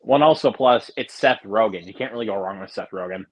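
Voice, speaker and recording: A man's voice: lowish voice, fast, lo-fi sound. A young man chatting casually during a movie watch-along, joking and adding apologetic asides. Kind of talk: casual chat.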